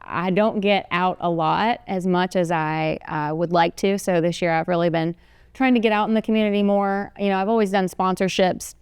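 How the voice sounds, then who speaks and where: A woman in her thirties, a lawyer being interviewed, answering in a measured, friendly way with some um fillers. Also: lowish voice, steady tone, darkish tone, smooth, no echo. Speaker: lawyer guest.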